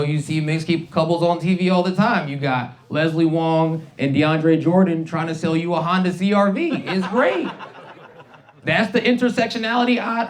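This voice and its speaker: A man in his thirties doing a stand-up comedy set, animated and slipping into put-on voices. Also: a little high. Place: comedy club stage with audience.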